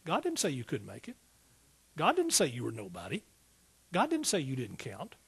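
A man preaching a sermon, talking directly to the congregation, building to loud emphatic peaks and then dropping back to a conversational tone. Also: medium pitch, huge pitch swings, normal speed, creaky, slightly rough. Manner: rises to emphatic exclaiming peaks; Southern "y'all" speech.

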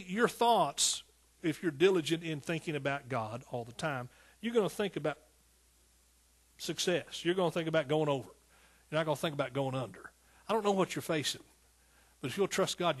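Slightly high-pitched and a bit quick, this man's animated voice carries a fervent, rhythmic sermon punctuated by frequent calls to the congregation.

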